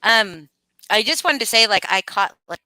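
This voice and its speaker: Bright, crisp-voiced woman chatting casually. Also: mid-range voice, animated, moderate pace, no room sound. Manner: greets chat names, swears freely. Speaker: livestream host. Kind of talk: casual livestream chat.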